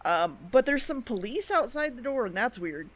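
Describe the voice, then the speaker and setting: Recapping anime episodes on a podcast, this woman co-host keeps things casual and chatty, full of fillers and quick quoted asides from the characters. Her voice runs on the high side with big swings in pitch.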